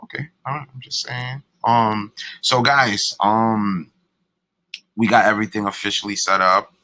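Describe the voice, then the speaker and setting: A man's voice: fairly low pitch, steady tone, unhurried, sharp tone, low-quality recording. A young man co-hosting a casual couple's podcast, laid-back and blunt, swearing freely. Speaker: podcast co-host.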